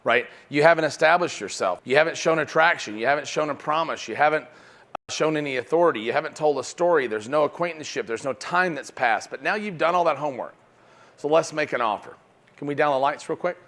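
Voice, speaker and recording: A man's voice: fairly high pitch, fast talker. A man giving a live sales-training seminar with lots of energy, often checking in with his audience. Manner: energetic, punctuates points with "right?".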